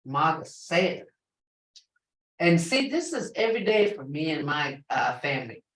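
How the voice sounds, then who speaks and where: A woman leads a language lesson at an unhurried pace, with a lively, rising and falling voice. She sounds far from the mic in an echoey room, repeating words and coaxing students to answer. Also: deep voice. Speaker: language teacher.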